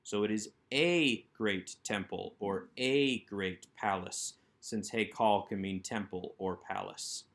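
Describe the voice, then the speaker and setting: A man's voice: on the low side, takes it slowly, few pauses, a bit bright. A man teaching Hebrew grammar in a recorded workbook lesson, patiently and methodically explaining each word.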